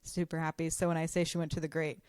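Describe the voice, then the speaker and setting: A woman producer chatting casually on a podcast, talkative and quick to laugh. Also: low voice, flat delivery, darkish tone, clean tone, dry recording, studio quality. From Florida, USA. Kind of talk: casual chat.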